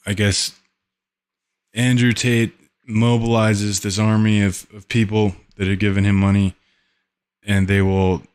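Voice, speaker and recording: A man hosting a podcast, talking casually and haltingly, often searching for words. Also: fairly low pitch, flat delivery, clean tone. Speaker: podcast host. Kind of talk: casual solo commentary.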